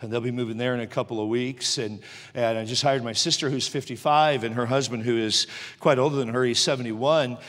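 A middle-aged man preaching a sermon as pastor, moving from joking chat to loud fervent preaching. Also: medium pitch, steady tone, a little fast, in a large hall.

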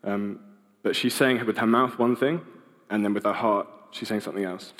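A man's voice: lowish voice, normal speed, fairly bright tone, in a large hall. A young man giving an informal sermon, casual and hesitant, with many ums and restarts. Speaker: preacher.

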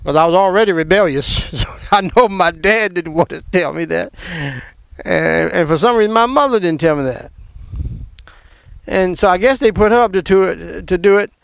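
A middle-aged man from the American South, telling a personal family story in an emotional, animated way and laughing often. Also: high voice, moderate pace, creaky, smooth, dry recording.

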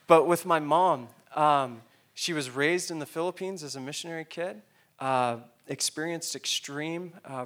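A man's voice: a little high, a bit bright. A man preaching a sermon as pastor, candid and heartfelt, with joking asides.

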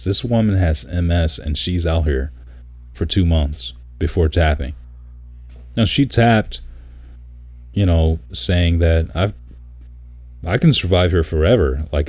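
Man, extremely low voice, dry close sound, animated casual storyteller who swears freely. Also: measured pace, dry recording. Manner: animated storyteller, swears, mimics people in high voice. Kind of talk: casual chat.

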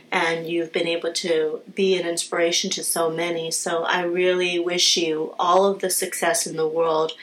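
Woman, host, lowish voice, flat intonation, encouraging. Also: low-quality recording. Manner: encouraging, affirming. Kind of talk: interview.

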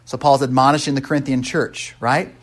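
A man's voice: mid-range voice, little pitch movement, a little fast. A man preaching a casual, interactive sermon, walking through a text and quizzing the congregation with frequent "right?" tags and restarts. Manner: conversational, asks the congregation questions. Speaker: pastor.

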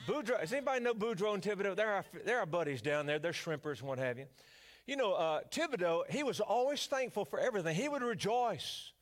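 An older pastor with a Louisiana accent preaches a sermon in a folksy, joking style. His voice sits high for a man, and he speaks to the congregation as a storyteller. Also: sing-song, fast.

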